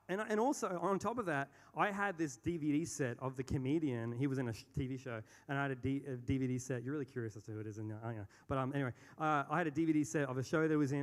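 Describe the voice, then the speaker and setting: A young Australian man telling a rambling, self-deprecating story on stage, with many fillers and restarts. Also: a little high. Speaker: speaker. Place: large hall on stage. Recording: long hall reverb.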